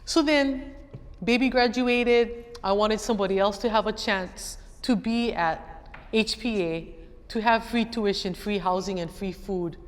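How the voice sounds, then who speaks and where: Woman guest speaker at a community talk, casual and direct with the crowd, mid pitch, echo of a big hall. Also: measured pace. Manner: conversational, addresses the audience directly. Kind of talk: public talk, personal story. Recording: long reverb of a lecture hall.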